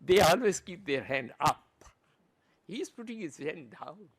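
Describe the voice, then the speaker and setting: A man gives an earnest conference presentation at an unhurried pace. His voice sits high and swings widely in pitch. He stops and restarts his phrases often. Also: sing-song, breathy edge. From Pakistan. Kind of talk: conference talk.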